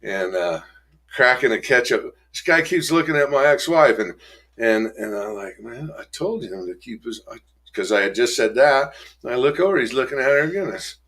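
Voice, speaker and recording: A middle-aged man speaking candidly about his past, his delivery plain and rough-edged. He slips into louder, higher voices when he acts out old confrontations. His pitch sits in a normal middle range. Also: animated, moderate pace. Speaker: guest telling his recovery story. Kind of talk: candid storytelling in an interview.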